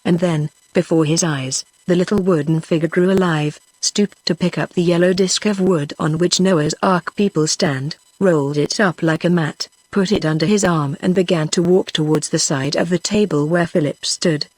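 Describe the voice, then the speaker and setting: A text-to-speech woman's voice with a British English accent, reading a children's storybook aloud in an even, steady way. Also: lowish voice, moderate pace, hardly any pauses, dry recording. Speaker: audiobook narrator. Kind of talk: scripted narration.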